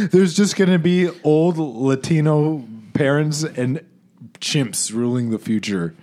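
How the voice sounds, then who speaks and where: A man's voice: fairly high pitch, lively intonation, slow, warm tone. A man co-hosting a comedy podcast, riffing with swearing and frequent laughter. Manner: laughing often, profane joking. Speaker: podcast co-host. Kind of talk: casual comedic banter.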